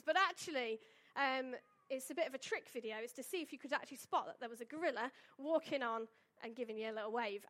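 High-voiced woman preaching. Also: a bit bright. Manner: chatty, conversational, with fillers and asides. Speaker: church speaker. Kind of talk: informal sermon with a Bible reading.

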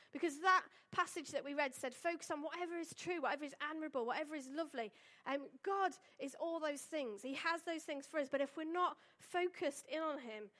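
A woman's voice: high-pitched, a bit bright. A woman giving a chatty, informal sermon to a church congregation and reading a Bible passage aloud. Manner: chatty, conversational, with fillers and asides. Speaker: church speaker.

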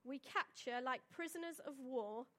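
High-voiced chatty woman preaching. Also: normal speed, bright, forceful tone. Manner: chatty, storytelling, with tag questions and fillers. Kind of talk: casual sermon.

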